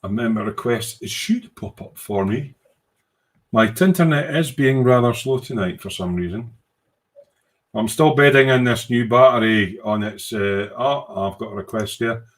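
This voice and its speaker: A man's voice: mid-range voice, measured pace. A man hosts a laid-back livestream, chatting through viewer comments in a rambling, self-mocking way. His talk is full of casual British slang and mild swearing. He hums little tunes while he waits for pages to load. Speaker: livestream host and hobby model maker.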